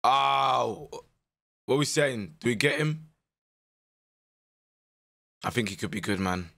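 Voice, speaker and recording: A young man with a strained voice, giving animated, slangy commentary while playing a management game. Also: medium pitch, slow pace, gravelly. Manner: animated, exclaiming, slangy banter. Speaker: gaming content creator. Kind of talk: casual gameplay commentary.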